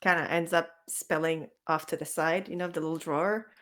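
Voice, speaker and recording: A woman's voice: deep voice, brisk. A woman casually describing her character's actions in a tabletop game, chatty with fillers. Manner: relaxed, chatty, filler-heavy.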